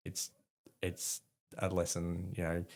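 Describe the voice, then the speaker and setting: A man's voice: deep voice, monotone, slow pace. A middle-aged Australian man telling rambling, profane stories about his past as a guest in an interview, laughing at himself. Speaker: guest, army veteran. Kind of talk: casual storytelling in an interview.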